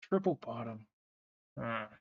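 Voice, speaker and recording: A man's voice: medium pitch, slow, slightly rough. Loose-talking man with a dull stream mic. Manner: animated, swearing, laughing often. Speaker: trading stream host. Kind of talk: casual live-stream chat.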